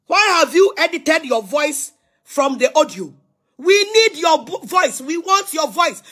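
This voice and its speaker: Defiant and scolding, a middle-aged Ghanaian woman rants on a live social media video. She mixes languages and repeats herself, her voice high and fairly bright.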